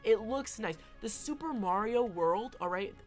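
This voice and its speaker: A woman's voice: fairly high pitch, expressive, a little slow, faint music behind. A woman giving casual opinion commentary as an online film commentator, emphatic and often tagging her points with "all right?".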